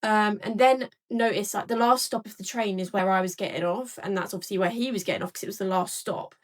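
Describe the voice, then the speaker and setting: A woman's voice: medium pitch, quick pace. A young woman casually telling a long story to camera, rambling with many fillers and acting out both sides of a conversation. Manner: chatty, rambling, filler-heavy retelling.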